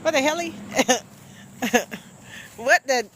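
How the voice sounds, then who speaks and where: A woman's voice: high voice, lively intonation, takes it slowly, pushed and bright, slight background noise. A woman hosting a casual live stream, chatting with viewers, teasing and laughing often.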